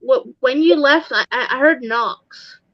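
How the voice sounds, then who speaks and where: A soft-spoken woman chats casually on a live stream, mostly answering in short replies. Her voice sits fairly high, and the recording is dry and dull like lo-fi audio. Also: unhurried, dry recording.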